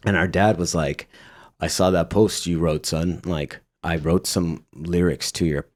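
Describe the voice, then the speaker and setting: A man's voice: sits low, steady tone, a little slow, darkish tone. A young man from Las Vegas, a guest musician, telling rambling stories in casual interview chat, full of fillers. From Las Vegas, United States. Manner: rambling storytelling with many fillers and laughs.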